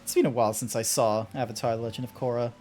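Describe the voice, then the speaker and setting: A man's voice: mid-range voice, fairly even intonation, very fast, a little mellow. A man streaming a game and chatting casually with friends, rambling, swearing and laughing easily. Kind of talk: casual chat while gaming.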